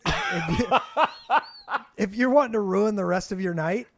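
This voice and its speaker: A man's voice: high voice, expressive, slow pace, vocal fry, no room sound. A young man co-hosting a casual podcast, talking in a rambling way with many restarts and fillers. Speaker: podcast co-host.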